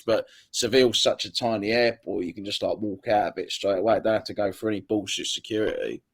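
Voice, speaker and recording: A man's voice: fairly low pitch, fairly even intonation, quick pace, few pauses. A young man, a guest chatting casually in an interview, stumbling over repeated words and swearing freely.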